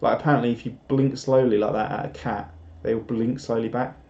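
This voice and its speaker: A young Englishman rambles through a casual live stream chat, reading viewer comments and poking fun at himself. His voice is mellow and a little dark. The sound is roomy and slightly dull, like a home setup. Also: medium pitch, steady tone, a little fast. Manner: rambling and self-deprecating, with chuckles.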